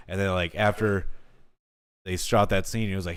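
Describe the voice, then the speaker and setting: A man's voice: deep voice, steady tone, fairly quick, no echo. A young man hosting a podcast in casual chat, rambling and swearing, often laughing. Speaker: podcast host.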